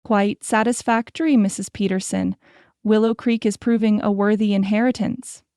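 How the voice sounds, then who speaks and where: A woman voicing a composed, genteel young woman who answers with cool, brisk politeness in an audiobook. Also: medium pitch, fairly even intonation, mellow, clear, resonant tone, dry recording, studio quality, close to an everyday voice.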